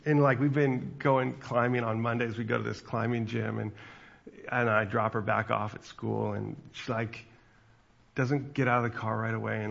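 A man's voice: medium pitch, gravelly, a bit bright, highs cut off. A man in his forties, a pastor, giving a chatty sermon with asides to the congregation.

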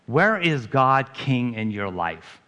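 A man's voice: mid-range voice, sing-song, takes it slowly, pushed and bright. A man, a pastor, preaching a sermon in a conversational way, asking his congregation questions.

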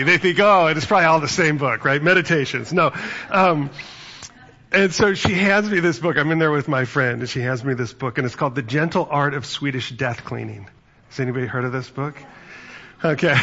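A man's voice: fairly high pitch, bright, forceful tone, lo-fi sound. A man giving a conversational sermon as pastor, telling stories and acting out quotes. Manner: conversational, storytelling with acted-out quotes.

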